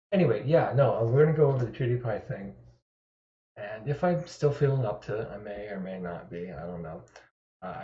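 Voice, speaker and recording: A man's voice: fairly low pitch, mellow, a little hiss or hum. Man, live streamer, casual rambling chat, self-deprecating, roomy echo, dull lo-fi mic. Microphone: desktop microphone. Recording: echoey, dull lo-fi sound.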